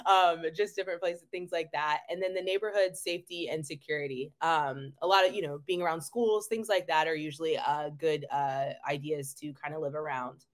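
A woman giving casual housing advice as a travel nurse, with many ums and quick restarts. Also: low-pitched, steady tone. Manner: many ums, laughs lightly, restarts phrases.

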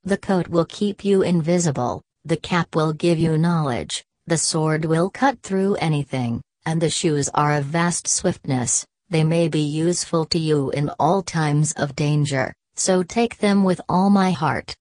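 Rich: a huge, boastful three-headed giant from a storybook, as a woman reads him, low and unhurried. The sound is dry and close. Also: darkish tone, no room sound.

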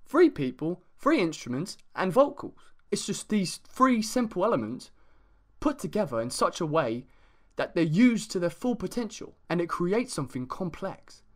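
A man hosting a casual music review, talking in a put-on English accent, excitable and full of swearing. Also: high voice, moderate pace. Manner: excitable and sweary, lots of fillers.

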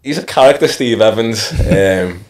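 Unhurried and fairly low in pitch, a man in his thirties from Liverpool, England, reminisces about his football career on a casual podcast. His storytelling is relaxed, sprinkled with "like" and "you know."

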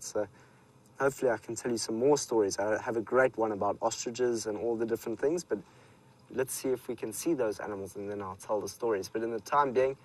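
A man with a South African accent presenting a live safari, telling stories and chatting with viewers in a relaxed way. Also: medium pitch, low-quality recording. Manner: relaxed storytelling, speaks to viewers. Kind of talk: live wildlife commentary. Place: outdoors in the bush.

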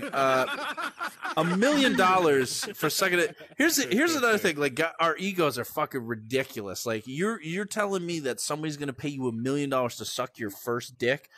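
Male comedian with a bright, forceful voice; crude, rambling, constantly swearing. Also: fairly high pitch, big pitch swings, fairly quick, no echo. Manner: profane, rambling, laughs at his own jokes. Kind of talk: crude casual stand-up rant. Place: at home, indoors.

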